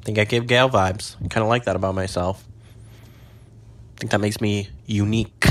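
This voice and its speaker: A young man rambling and swearing in a casual monologue from his parked car, jumping between low mutters and high squeals. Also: fairly even intonation, moderate pace, long pauses. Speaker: vlogger.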